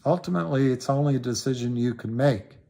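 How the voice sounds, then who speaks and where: Man, middle-aged, livestream host, casual talk, rambling, repeats for emphasis, rising pitch when riled. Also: fast talker, gravelly, dark tone. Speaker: livestream host talking stocks.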